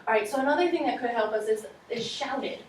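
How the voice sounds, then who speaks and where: A woman's voice: on the high side, fast, a little hiss or hum. A woman teacher giving classroom instruction, encouraging and modeling reading aloud for her students. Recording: echoey classroom from far off.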